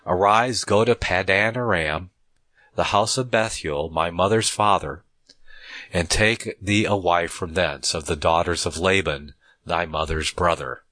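A man teaching from the Bible, reading the passages aloud at a measured pace and breaking off to comment on them in a conversational way, often restarting his sentences. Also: deep voice, pushed and bright, no room sound.

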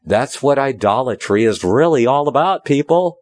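A man's voice: mid-range voice, lively intonation, moderate pace, no echo, clean studio sound. A man preaching a sermon in an emphatic, insistent manner, raising his voice to drive points home. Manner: emphatic, preachy, rising for stress.

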